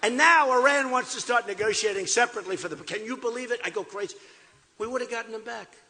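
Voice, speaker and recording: A man's voice: very high-pitched, fast talker, pushed and bright. An older man giving an off-the-cuff, repetitive campaign rally speech at a podium in a large hall. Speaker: political candidate. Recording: echoey hall.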